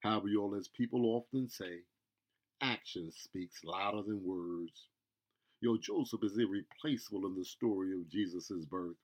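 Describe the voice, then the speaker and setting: A man preaching a sermon in a slow, measured way, peppering his lines with "yo" and "y'all". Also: fairly low pitch.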